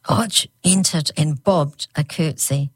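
Low-voiced woman reading a storybook. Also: slow, slightly rough, no room sound. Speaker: audiobook narrator. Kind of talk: scripted storybook narration.

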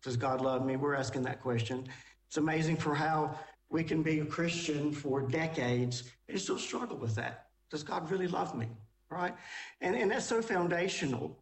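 A man's voice: on the high side, normal speed, reverberant, distant mic, rough recording. A man hosting, commenting on a played clip in a conversational way, thinking aloud and restarting his sentences. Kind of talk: reflective commentary.

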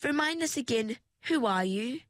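A breezy young mermaid who chirps along cheerfully, lifted high above the reader's own voice, played by a woman. Dry, close sound. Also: animated, normal speed, dry recording, natural voice. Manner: bright, raised, chirpy. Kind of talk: storybook narration.

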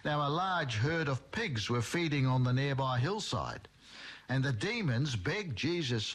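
A man preaching a sermon, retelling scripture in a slow, emphatic storytelling way. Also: mid-range voice, big pitch swings, fairly bright tone.

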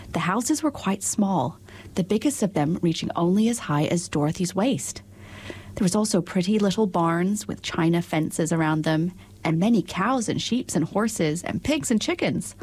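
A woman narrates a children's storybook in a measured, expressive way. Her voice sits on the lower side and has a husky, breathy texture.

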